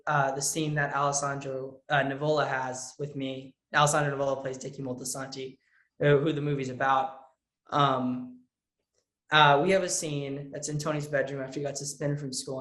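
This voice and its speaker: A teenage boy talks with earnest, lively energy. His voice sits a little high for a male speaker, and the room around him has a noticeable echo. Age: teens. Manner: earnest, lively, acts out quotes with a raised voice. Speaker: young actor, interview guest. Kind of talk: casual interview answers.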